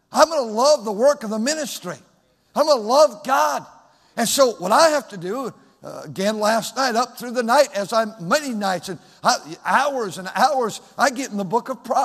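A man preaching a sermon as pastor, swinging from loud, shouted emphasis to soft, hushed speech. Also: very high-pitched, slightly rough. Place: large church sanctuary. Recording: long hall reverb.

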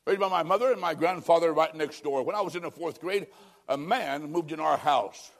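A man's voice: fairly high pitch, fairly quick. A male preacher from Illinois telling a personal story in a sermon, emotional and pleading.

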